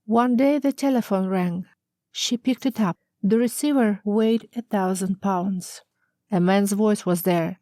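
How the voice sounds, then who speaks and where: A woman author reading her own memoir as an audiobook, slow, intimate and emotional. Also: medium pitch, mellow, dry recording, clean studio sound. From Russia. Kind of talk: audiobook narration.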